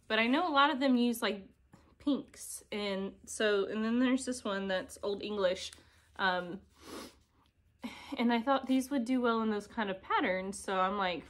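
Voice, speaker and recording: A woman's voice: on the high side, fairly bright tone. A woman chatting casually to camera at home as a cross-stitch vlogger, giggly and self-deprecating, filmed by a camera set on an ironing board. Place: home, indoors.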